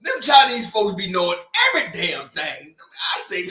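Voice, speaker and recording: Loud joking man, echoey room. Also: high-pitched, big pitch swings, moderate pace, hardly any pauses. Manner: loud, joking, slangy banter. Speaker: watch party host. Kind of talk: casual chat. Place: home room.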